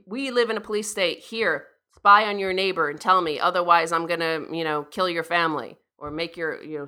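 A woman co-hosting a talk radio show speaks from the studio in a fairly low, pushed and bright voice that is clear and resonant. Her casual commentary is earnest and insistent, with frequent restarts as she repeats herself.

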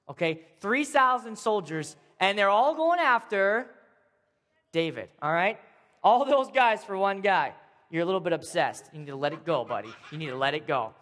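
A man's voice: high-pitched, fairly bright tone, in a large hall. A man telling a Bible story as a casual, jokey sermon, acting out the characters for a young crowd. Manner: casual, jokey, acts out voices.

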